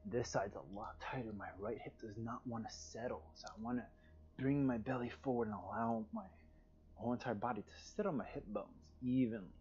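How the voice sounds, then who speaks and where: Calm man guiding a yoga stretch. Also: medium pitch, breathy edge, highs cut off. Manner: calm, soothing, drawn-out cues with sighs of relief. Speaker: yoga teacher. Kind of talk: guided yoga instruction. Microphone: livestream.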